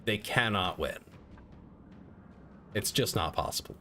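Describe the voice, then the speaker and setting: A man's voice: on the low side, unhurried, pushed and bright, slight background noise. A man streaming a strategy game, chatting casually and rambling in a self-mocking way, full of "like" fillers, into a desk microphone. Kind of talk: casual gaming stream chat.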